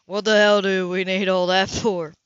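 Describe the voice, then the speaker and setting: A woman reading the part of a gruff, impatient grown man. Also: mid-range voice, level tone, moderate pace, dry recording, dull audio, close to an everyday voice.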